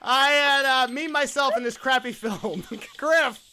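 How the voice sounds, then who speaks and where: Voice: sits high, a little slow, sharp tone, a little hiss or hum. A podcast host running a comedy movie-review show, laughing often and upbeat. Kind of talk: casual comedy podcast hosting.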